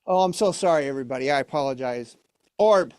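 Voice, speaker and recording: A man's voice: sits high, lively intonation, normal speed, clean tone, no echo, studio quality. A man performing a ventriloquist stand-up act, playing the mock-flustered straight man to his puppet. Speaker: comedian.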